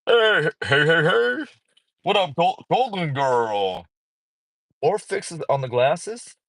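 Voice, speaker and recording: A man talks loosely to his phone on a livestream outside a mall. His pitch swings around a lot as he jokes and rants, and the sound is dry and close. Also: lively intonation, takes it slowly, fairly bright tone, dry recording. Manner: rambling, playful, swears freely, sudden singing and high-pitched bits. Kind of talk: casual livestream chat. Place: outdoors at a mall parking area.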